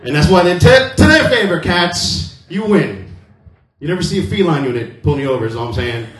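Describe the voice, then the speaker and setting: A man from Cuba hosting and doing stand-up in a comedy club, animated and slipping into high-pitched character voices. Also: fairly quick. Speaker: comedy show host and comedian. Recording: echoey room, distant mic, faint noise.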